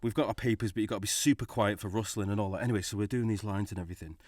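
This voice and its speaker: A man, co-hosting a podcast and telling a story in a casual, animated way, swearing and laughing often. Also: on the low side, racing, dry recording, clean studio sound. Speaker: podcast co-host.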